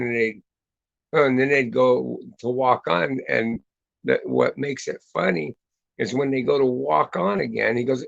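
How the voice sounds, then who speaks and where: Gravelly-voiced man, crude casual chat. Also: medium pitch, a bit bright, dry recording. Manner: chatty and crude, swears freely. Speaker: host. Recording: dull lo-fi dry recording.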